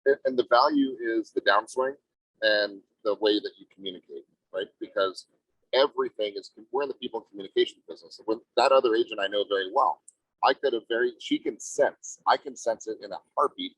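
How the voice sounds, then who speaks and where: A real estate agent speaks with emphasis in a team meeting, sounding salesy and repeatedly asking "right?" His voice is husky and a bit bright, he talks a little fast, and there's no echo, though the recording is muffled and low-fidelity.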